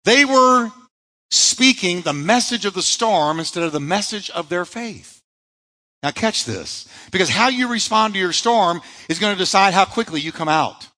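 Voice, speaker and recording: A man's voice: high-pitched, sharp tone, big-room sound, low-quality recording. A male pastor preaching a sermon, emphatic, asking rhetorical questions and answering them himself.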